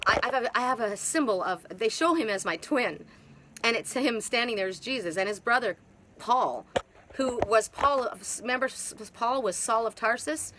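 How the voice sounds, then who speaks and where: Emphatic middle-aged woman, bright voice. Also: fairly high pitch, a little hiss or hum. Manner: emphatic, repetitive, heartfelt. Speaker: twin soul facilitator. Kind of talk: spiritual monologue. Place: outdoors in hot humid weather.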